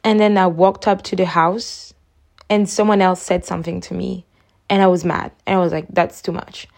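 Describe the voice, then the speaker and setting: A woman's voice: lowish voice, level tone, normal speed, creaky, a little mellow. A young woman, talking through personal memories on her own podcast in a chatty, reflective way, often saying "like". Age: young adult. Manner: chatty and reflective, heavy use of "like". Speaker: podcast host.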